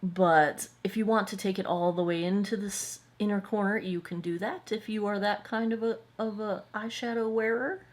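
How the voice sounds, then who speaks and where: A woman's voice: medium pitch, fairly even intonation, moderate pace, hardly any pauses. A woman hosting a makeup tutorial, talking casually through each step and checking in with viewers. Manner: chatty, explains and checks in with viewers.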